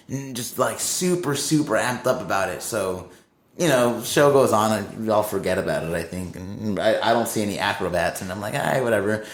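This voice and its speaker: Excitable low-voiced man in a roomy space. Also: brisk. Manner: animated, swears freely, acts out what people said. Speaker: touring crew guest. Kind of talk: casual storytelling. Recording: roomy with faint ambience.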